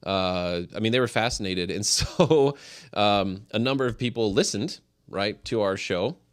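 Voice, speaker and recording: A man's voice: on the low side, measured pace. A man from Colorado, a podcast co-host, telling a story in casual chat and laughing often.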